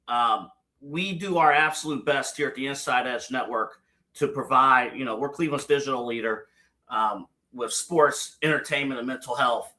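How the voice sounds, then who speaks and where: A man's voice: mid-range voice, bright, forceful tone. A man hosting a podcast in casual chat, giving lavish praise and filling his talk with uh and um. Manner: effusive praise, heavy with uh and um. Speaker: podcast host.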